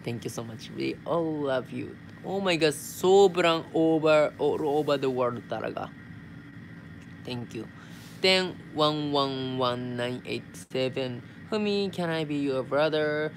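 A man's voice: a little high, measured pace, a little hiss or hum. A young man from Japan with a Japanese accent, chatting casually on a live stream as he reads out viewer messages and replies in simple English sprinkled with Tagalog words. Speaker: vlogger.

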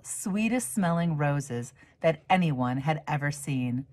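A woman minister reading a children's picture book aloud, gently lifting her voice for the characters' quoted lines. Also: sits low, lively intonation, slow pace, few pauses.

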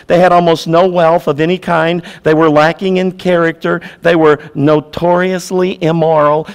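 A man preaching a sermon as a pastor, his voice sitting a little higher than most men's. He drives points home by repeating phrases. He moves from loud, urgent pushes to quiet, low words.

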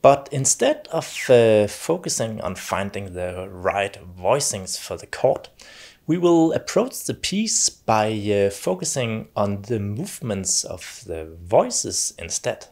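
A man teaching piano and calmly explaining how voices in chords move, with frequent small fillers. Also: on the low side, slow. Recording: talk over loud piano music.

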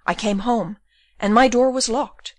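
A woman's voice: fairly high pitch, a little slow, darkish tone, dry recording, voice pushed up. A woman doing a tearful frightened girl. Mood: distraught. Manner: sobbing, pleading.

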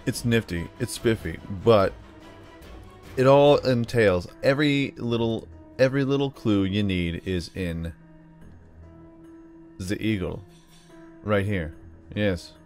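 A man's voice: lowish voice, slow, pauses often, a little mellow, faint music behind. A man hosting a let's play video, talking through a puzzle in a playful, rambling way. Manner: playful, rambling, explains puzzle steps aloud. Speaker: gaming video host.

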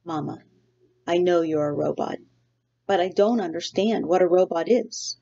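A woman's voice: lowish voice, moderate pace, gravelly, mellow. A woman reading aloud voices a young male gosling who talks in a childlike, questioning, whiny way. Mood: curious. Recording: dull lo-fi recording.

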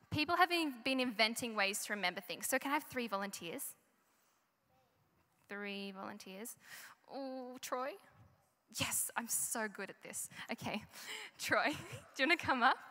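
A woman's voice: on the high side, pushed and bright. A young woman giving a chatty children's talk in a church service, asking the audience questions. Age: young adult. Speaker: children's story presenter. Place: large church hall. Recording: live church recording with long reverb.

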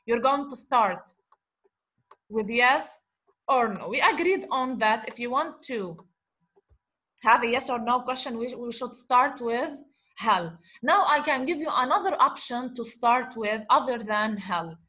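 A woman teaching a grammar lesson, explaining slowly, repeating examples and asking the class rhetorical questions. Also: a little high, expressive, bright, forceful tone. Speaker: Arabic teacher.

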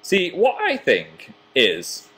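A man's voice: high voice, wildly swooping pitch, slow pace, fairly bright tone, slightly rough. A young man in his twenties casually chatting on a home livestream, reading viewer comments aloud with self-deprecating humor. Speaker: livestream host.

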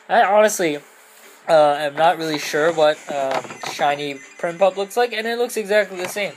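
A young woman giving goofy, rambling commentary over a video game, often breaking into loud squeals and silly voices. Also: on the low side, moderate pace, very noisy. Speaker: let's play commentator.

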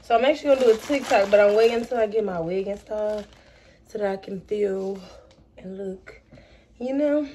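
A woman's voice: medium pitch, normal speed, mellow, slight background noise. A woman vlogging in casual chat, talking to her viewers directly as she unpacks and shows off purchases. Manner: chatty, talks to viewers as y'all.

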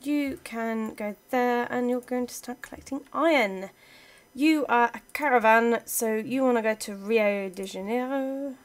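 A young woman gives casual let's-play commentary, chatting away and talking to her game pieces. Her voice sits a little higher than most women's. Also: unhurried.

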